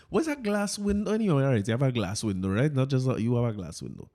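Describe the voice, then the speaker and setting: A man's voice: medium pitch, big pitch swings, fast, hardly any pauses, dark tone. A man with a Trinidadian accent hosting a casual podcast, joking and chatty, with stammering restarts. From Trinidad and Tobago. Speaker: podcast host.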